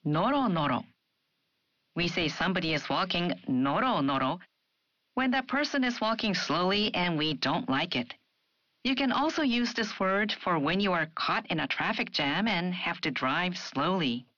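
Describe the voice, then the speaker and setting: A woman presenting a scripted language lesson, speaking example phrases clearly and carefully. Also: fairly low pitch, expressive, normal speed, fairly bright tone, dry recording, lo-fi sound. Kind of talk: scripted educational narration.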